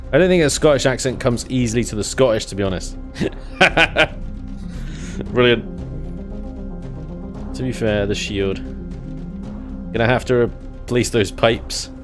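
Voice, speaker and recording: A man's voice: mid-range voice, fairly bright tone. A man chatting casually while live-streaming a building game, thinking aloud and chuckling often.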